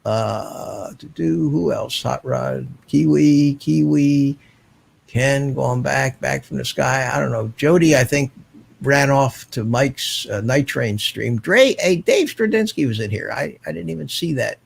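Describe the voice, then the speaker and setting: A man's voice: mid-range voice, measured pace, creaky, husky. An older man hosting a live online drone show, chatting casually and thanking viewers one by one. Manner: relaxed, chatty, thanks chat members by name. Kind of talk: casual live-stream chat.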